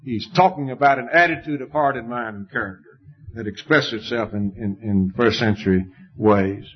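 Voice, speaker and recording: A man preaching a sermon, emphatic, his voice jumping up in pitch to stress each point. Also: moderate pace, breathy edge. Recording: dull lo-fi recording.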